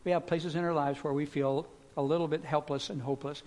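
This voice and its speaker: A man's voice: on the high side, steady tone, fast, darkish tone. A man preaching a sermon as pastor, talking in a conversational way with fillers and repeated words.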